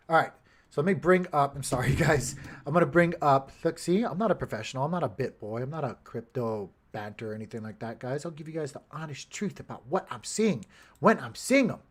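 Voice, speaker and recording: A man's voice: a little high, expressive, a little fast. Chatty man hosting a livestream. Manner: rambling, talks to chat, mutters to himself when tech fails. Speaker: crypto livestream host. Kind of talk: casual livestream chart talk.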